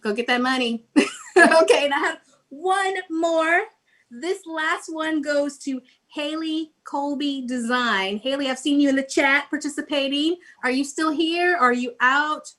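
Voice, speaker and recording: A bubbly, effusive middle-aged woman hosts a live-stream giveaway. Her voice sits fairly high and she laughs often. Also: measured pace, a bit bright. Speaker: host of a virtual conference.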